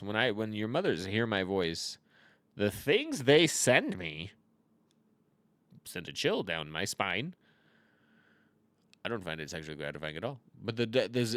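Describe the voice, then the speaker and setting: A man's voice: lowish voice, a bit bright, dry recording. A man in his thirties giving casual, rambling commentary over a card game, full of jokes and self-mocking asides.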